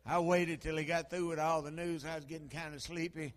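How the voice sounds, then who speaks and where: Middle-aged preacher guy, highish voice, goes from hushed to loud and folksy. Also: fairly even intonation, a little fast. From Harlan County, Kentucky. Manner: folksy storytelling, swinging from hushed asides to loud exhortation. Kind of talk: sermon.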